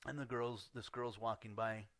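A man's voice: medium pitch, fairly even intonation, normal speed, a bit bright, no echo. Man preaching a sermon, dry close sound. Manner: storytelling, acts out dialogue, laughs often. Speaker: pastor.

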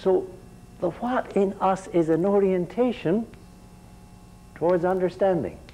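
A man's voice: high voice, unhurried, mellow, a little hiss or hum, rough recording. A man giving a university lecture, often repeating his words as he restarts sentences and putting questions to the students.

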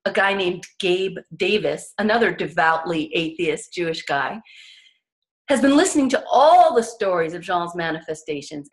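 A woman author is the guest on an interview and tells her stories with a lot of drive. She speaks earnestly and with emphasis, and she acts out the voices of the people she describes. Her voice sits at an ordinary middle pitch. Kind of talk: animated personal storytelling.

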